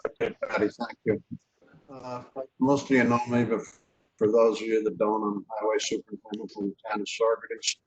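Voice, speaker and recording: A man speaking as a town highway superintendent at a public meeting, plainspoken and earnest, with frequent fillers. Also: level tone, a little fast, dull audio.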